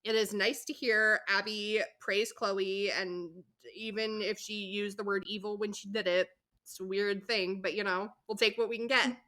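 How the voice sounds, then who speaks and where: A woman's voice: mid-range voice, fairly even intonation, moderate pace, bright, forceful tone. A woman co-hosting a podcast, recapping a TV show in casual chat, candid and exasperated, swearing and laughing as she goes. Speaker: podcast co-host recapping episodes.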